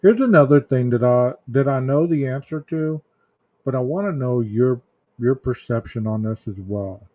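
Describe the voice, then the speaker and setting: A man's voice: medium pitch, lively intonation, normal speed, warm tone, no echo. A man hosting a true-crime livestream, chatting casually with viewers in chat, rambling with fillers and restarts.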